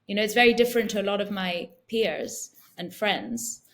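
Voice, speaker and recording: A woman in her forties, a guest in an interview, speaking in a soft, reflective way with many "you know" fillers. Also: medium pitch, sing-song, moderate pace. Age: 40s. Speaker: guest, founder. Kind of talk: casual interview talk.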